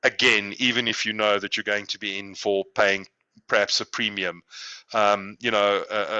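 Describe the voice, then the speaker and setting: A man from South Africa speaking as a guest consultant on a video call, measured and repeating words as he thinks. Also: on the low side, bright, forceful tone, clear, resonant tone, no room sound, lo-fi sound.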